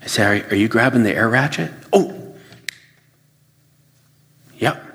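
A pastor giving a sermon, telling everyday stories with lively acted-out asides. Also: male voice, medium pitch, measured pace, vocal fry. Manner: animated storytelling, acts out his own flustered inner voice. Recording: long reverb of a large hall.

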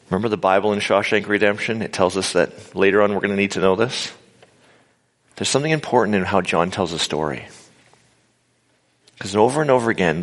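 A man with a fairly low voice gives a relaxed, conversational sermon. He mixes in humorous asides and acts out quoted lines. The sound carries a long reverb from the large hall he speaks in. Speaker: preacher. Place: large hall with a live audience.

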